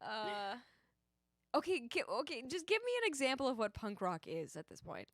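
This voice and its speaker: A young woman chatting and joking on a live stream, playful and quick to laugh. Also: fairly high pitch, sing-song, no echo, clean studio sound. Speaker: streamer and musician. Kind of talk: casual live-stream chat. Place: home streaming setup.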